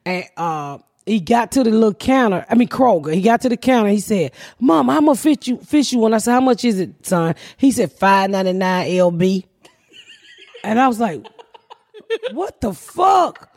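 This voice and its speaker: A woman's voice: medium pitch, a little fast, hardly any pauses, darkish tone, dry recording, studio quality. A woman comedian and podcast host telling brash, profane stories in a casual chat.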